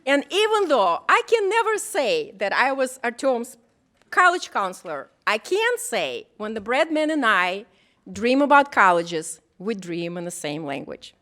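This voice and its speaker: A woman introducing the keynote speaker at a school event, playful and warm as she builds him up. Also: a little high, big pitch swings, a little slow. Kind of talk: introduction speech. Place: auditorium.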